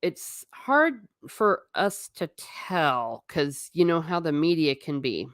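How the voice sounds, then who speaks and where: A woman's voice: sits low, very animated, slow, no echo, studio quality. A woman chatting casually with viewers on a live stream while showing travel photos, often laughing and stumbling over repeated words. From not Irish. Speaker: livestream host.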